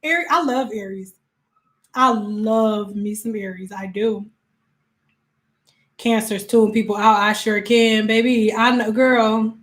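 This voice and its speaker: A woman hosting a livestream, chatting casually with viewers and answering their comments. She laughs often and acts out quick voices when she quotes people. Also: medium pitch, steady tone, a bit bright. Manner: laughs often while talking. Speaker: livestream host talking to viewers.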